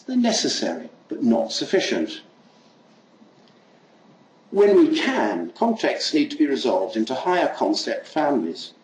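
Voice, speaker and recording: An older man giving an academic lecture, reading a prepared text in a measured way with occasional asides. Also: medium pitch, sing-song, a little mellow. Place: lecture hall. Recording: echoey lecture hall, faint noise.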